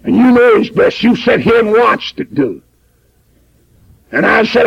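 A high-pitched preacher with a gravelly, husky voice tells a story from the pulpit in a folksy, emphatic way. The sound is muffled, like an old radio broadcast. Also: male voice, very animated, a little slow. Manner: folksy, plain-spoken, emphatic. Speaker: pastor. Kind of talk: sermon storytelling.

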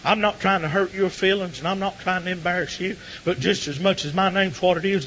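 A man preaching a sermon to a congregation in church, rising to shouts at the peaks. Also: sits high, slight background noise, rough recording. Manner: impassioned, shouting at peaks, folksy.

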